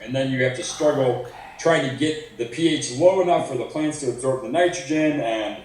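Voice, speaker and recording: A man's voice: mid-range voice, normal speed, a little mellow. Soil guy explaining stuff in detail, far off the mic, super echoey room. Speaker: soil product maker. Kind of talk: explaining products in a casual chat.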